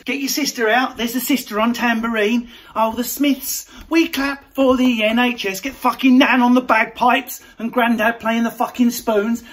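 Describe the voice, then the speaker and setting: A man's voice: very high-pitched, moderate pace, fairly bright tone. A man, a comedian, delivering a brash, sweary, mocking comic rant.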